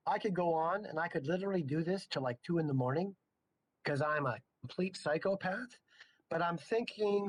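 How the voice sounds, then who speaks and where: A middle-aged man teaching a chemistry class in a casual, joking way, full of chatty asides. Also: a little high. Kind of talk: casual lecture.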